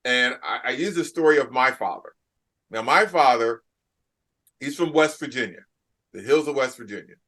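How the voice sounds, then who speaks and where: A man's voice: mid-range voice, expressive, normal speed, pauses often, a bit bright. A man from New Jersey hosting a podcast interview, talking emphatically and repeating phrases for effect. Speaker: podcast host and keynote speaker. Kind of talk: casual interview chat.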